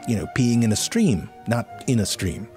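Male narrator, scripted comedic nature voice-over, very animated pitch, deadpan asides. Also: moderate pace, soft background music.

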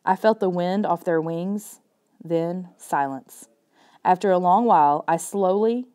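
A woman reads a children's spooky chapter book aloud, her voice lower and warm. She keeps a soft, measured storytelling pace, letting the tense moments settle. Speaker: audiobook narrator. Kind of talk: scripted narration.

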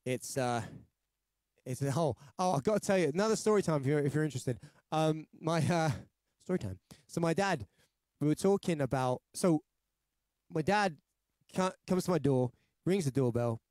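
Chatting and storytelling on a casual livestream, this singer-songwriter from London, England keeps things jokey and rambling, with lots of restarts. His London-accented voice is fairly high and animated, with a darkish tone and moderate pace. Sound is studio quality, without echo.

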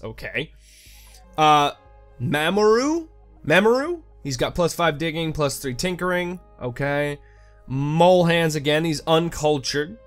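A man giving casual gameplay commentary in a fairly high voice, animated and loose with swearing. He drifts between excited bursts and low muttering while soft game music plays underneath. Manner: animated, swears freely, jumps between goofy bits and mumbling. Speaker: let's play gamer.

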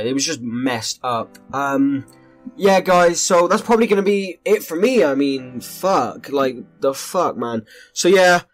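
Reaction vlogger, male, foul-mouthed incredulous rant, voice sits a little high, soft music underneath. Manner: ranting, incredulous, heavy swearing. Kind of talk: profane reaction commentary. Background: faint background music.

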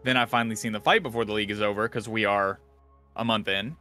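Male podcast host, bright voice, rambling casual gamer chat, faint music under. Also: on the low side, quick pace. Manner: rambling, animated, swears casually. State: out of breath.

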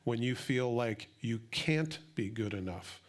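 A middle-aged male pastor giving a sermon, swinging from quiet, intimate asides up to loud, excited emphasis. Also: mid-range voice, a little slow.

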